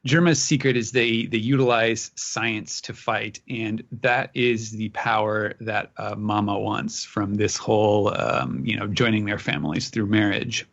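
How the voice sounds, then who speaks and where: A man's voice: lowish voice, steady tone, unhurried, vocal fry, hardly any pauses, fairly bright tone. A man co-hosting a podcast, casually recapping a chapter in a rambling way full of filler words. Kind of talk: casual chat. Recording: slightly muffled lo-fi audio.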